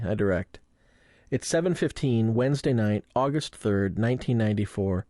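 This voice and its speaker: A man's voice: lowish voice, lively intonation, normal speed, dark tone, no echo, studio quality. Wry young man reading a memoir. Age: young adult. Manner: wry, self-mocking, conversational. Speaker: audiobook narrator. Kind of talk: first-person memoir narration.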